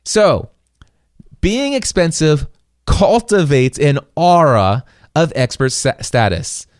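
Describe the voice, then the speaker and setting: In a very animated solo podcast monologue, the host speaks slowly in a voice on the high side with a darkish tone. He enthusiastically tells stories and acts out dialogue from a small studio, using a studio microphone with no echo.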